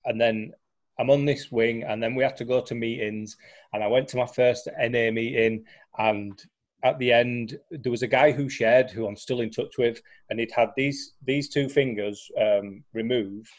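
Speaking at a moderate pace in a medium-pitched voice with fairly even intonation, a young guest talks casually about getting through his recovery. His storytelling is chatty, peppered with fillers and frequent restarts.

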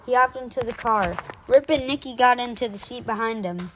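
A woman reads a children's chapter book aloud with lively expression. Her voice sits a little high, and she stumbles and restarts now and then. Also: brisk, a little hiss or hum. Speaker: reader.

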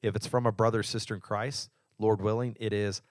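A man's voice: lowish voice, flat delivery, a little fast, no echo, studio quality. A man co-hosting a faith podcast, explaining earnestly and reflectively, often restarting his sentences. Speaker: podcast co-host. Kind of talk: casual faith discussion.

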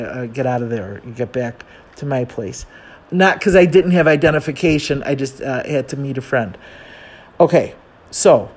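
Chatty American man, fairly high voice. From United States. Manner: chatty, self-mocking, many fillers. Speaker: travel storyteller. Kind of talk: casual storytelling monologue.

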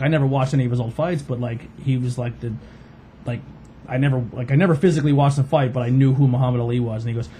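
A man's voice: medium pitch, mellow, slight background noise. A man, hosting a podcast and telling a long story in a rambling casual way, full of fillers and acted-out quotes. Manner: rambling, many fillers, acts out quoted voices. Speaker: podcast host.

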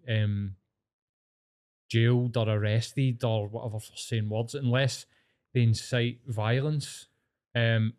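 A Scottish man co-hosts a podcast, chatting casually in a mid-range, darkish voice. He's blunt and swears a lot, working himself up into rants.

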